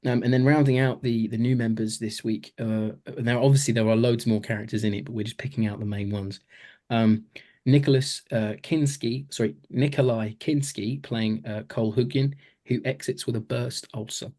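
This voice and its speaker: Chatting casually about a TV series, a male podcast co-host sounds enthusiastic and leans heavily on fillers. His medium-pitched voice is mellow, with fairly even intonation and a moderate pace.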